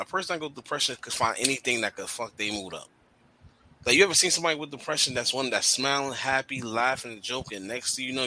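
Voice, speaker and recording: Animated bright-voiced man in casual chat. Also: medium pitch, a little hiss or hum, rough recording. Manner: animated, slangy, swears freely.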